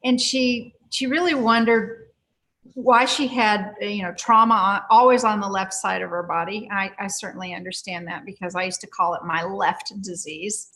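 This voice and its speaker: At a moderate pace and in a mid-range voice, a woman who works as a healing practitioner tells a story from a session during a casual talk, lively and full of fillers, restarts, and laughter.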